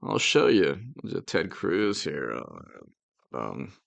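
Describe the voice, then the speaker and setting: A man's voice: deep voice, sing-song, slow, vocal fry, dry recording. Rambling sarcastic male live streamer. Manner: rambling, sarcastic, thanks super chat donors mid-talk. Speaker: political commentator and live streamer. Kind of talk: casual live stream commentary.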